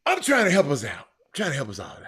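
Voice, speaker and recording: Stammering man, pitch swings wildly. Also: huge pitch swings, very fast, husky. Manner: repetitive, stammering, talks straight to viewers; swings from quiet muttering to loud shouting. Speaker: livestream host. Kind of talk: casual livestream chat.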